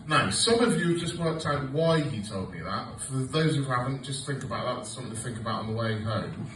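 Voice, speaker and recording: A man's voice: mid-range voice, lively intonation, brisk, fairly bright tone, distant mic, a little hiss or hum. A man, performing a sweary, sarcastic stand-up comedy set. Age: 40s. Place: comedy club stage with audience laughter. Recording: roomy live club recording from afar.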